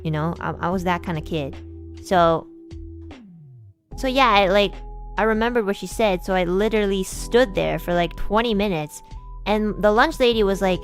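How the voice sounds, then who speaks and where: A woman in a casual stream chat, telling a story from her childhood. She talks in a rambling, animated way, full of fillers and restarts, at a middle pitch. Soft music plays faintly behind her. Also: moderate pace. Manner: chatty, animated, lots of "like" and restarts, voices kids and adults in quotes.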